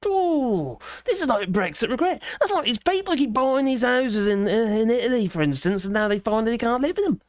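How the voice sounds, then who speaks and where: A woman's voice: on the high side, big pitch swings, normal speed, hardly any pauses, darkish tone, dry recording. Woman reading out an article and taking the mick, lots of uhs, dry close sound. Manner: sarcastic, mocking asides between read passages; rambling with many fillers and hesitations. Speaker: livestream host. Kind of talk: reading a news article aloud with commentary.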